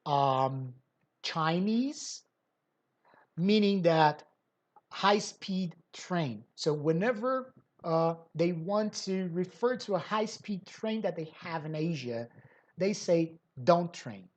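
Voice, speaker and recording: A woman lecturing on language teaching in an unhurried, measured way. Her voice sits a little low, and she explains patiently, posing rhetorical questions and pausing on fillers as she thinks. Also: lively intonation.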